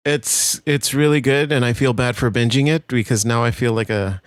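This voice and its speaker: A man's voice: mid-range voice, normal speed, clear, resonant tone, no echo. A man with a mid-range voice joins podcast banter with dry, teasing remarks. His sound is close and dead dry. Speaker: podcast co-host.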